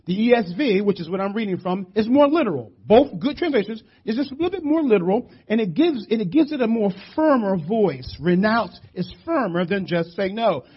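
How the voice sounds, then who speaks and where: A middle-aged man from West Philadelphia preaching a sermon, animated and storytelling, shouting for emphasis. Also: high voice, a little fast, few pauses, slightly rough. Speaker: pastor. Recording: muffled lo-fi church audio.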